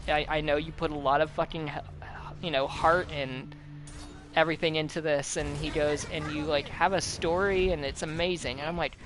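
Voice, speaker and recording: A young man chatting casually while gaming, telling animated stories with a lot of swearing and acted-out quotes. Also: on the high side, moderate pace, noisy background. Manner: animated storyteller, swears often, acts out quotes. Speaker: host. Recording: game music playing loudly behind.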